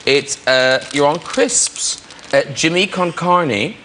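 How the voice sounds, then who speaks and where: An Irish man hosting a chat show, teasing his guests in quick banter. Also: a little high. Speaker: talk show host. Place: TV studio. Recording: loud studio audience and noise.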